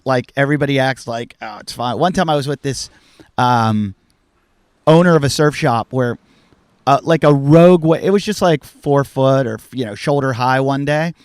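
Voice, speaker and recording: A man's voice: medium pitch, normal speed, clean tone, no room sound, clean studio sound. Candid, swearing male podcast host. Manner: candid storyteller, swears freely. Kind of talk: casual chat.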